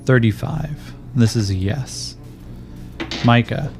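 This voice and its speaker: A man's voice: mid-range voice, takes it slowly. A man running a tabletop game as game master, thinking aloud as he checks the rules and narrates the scene. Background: faint background music.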